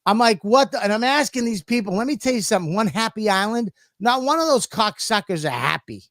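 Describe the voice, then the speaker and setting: A man hosting a podcast, telling a story as a profane, animated rant. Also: high voice, brisk, no echo, studio quality. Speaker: podcast host.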